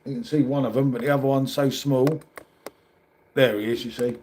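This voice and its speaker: A man's voice: medium pitch, steady tone, moderate pace, darkish tone, slight background noise. A middle-aged man with a London accent, chatting casually on a livestream and reading out comments, calling everyone mate. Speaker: livestream host.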